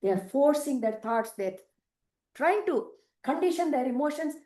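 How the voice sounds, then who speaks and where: A woman leads a spiritual self-empowerment workshop in an emphatic, repetitive way, often putting questions to her listeners. Her voice sits high. She is picked up from some distance in an echoey indoor hall. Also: animated, normal speed, warm tone. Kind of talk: spiritual workshop talk to a live group. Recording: echoey room, mic far off.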